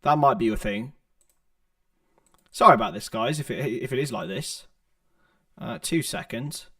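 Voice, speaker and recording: A man's voice: mid-range voice, unhurried, fairly bright tone. A young man hosting a livestream, giving running football play-by-play with chatty asides to viewers on a laptop's built-in microphone. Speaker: livestream watchalong host. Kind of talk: live football play-by-play commentary.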